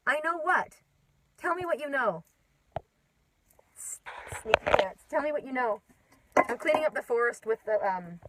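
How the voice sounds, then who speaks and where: On a phone live stream from the mountains, a spiritual reader rambles in a lively, casual chat. This woman's voice sits on the high side, and there's background noise.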